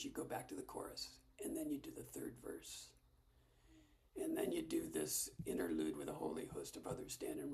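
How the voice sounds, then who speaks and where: A woman leading a casual ukulele lesson, explaining chords in a soft, half-whispered way. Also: deep voice, vocal fry. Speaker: ukulele teacher. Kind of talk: casual music lesson with singing.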